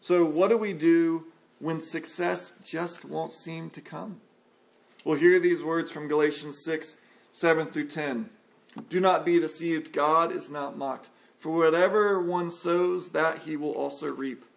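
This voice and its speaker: A man preaches an earnest sermon in a fairly high, gravelly voice. He reads scripture and sometimes jumps up in pitch to act out a frustrated listener's complaints. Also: fairly even intonation, unhurried.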